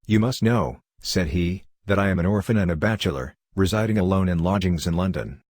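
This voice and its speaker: A man reading a classic story aloud as a first-person audiobook narration, in a measured way. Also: deep voice, a little mellow, dry recording, clean studio sound. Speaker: audiobook reader.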